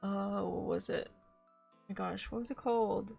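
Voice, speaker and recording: A woman hosting her own channel, casually recapping anime in an animated way, laughing and swearing when she gets indignant. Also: mid-range voice, unhurried, gravelly, slightly rough, soft background music. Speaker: VTuber host.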